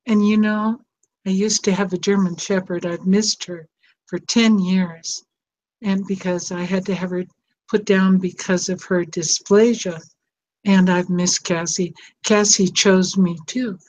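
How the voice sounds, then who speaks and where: A woman's voice: medium pitch, steady tone, a little slow, darkish tone. An older woman, a psychotherapist hosting a show, talking in an emotional, tender, rambling way. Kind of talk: casual heartfelt chat. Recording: dull lo-fi sound with faint noise.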